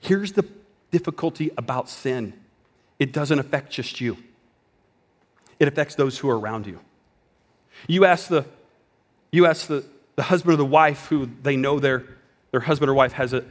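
A man preaching a sermon in a conversational style, dropping at times to a hushed voice for emphasis. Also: medium pitch, in a large hall. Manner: conversational preaching with dramatic drops to a whisper. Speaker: pastor.

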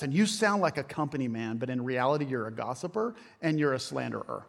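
A man in his thirties preaching a sermon, loud and animated, telling stories with self-mocking humor. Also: mid-range voice, quick pace, gravelly, few pauses. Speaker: pastor. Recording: long hall reverb.

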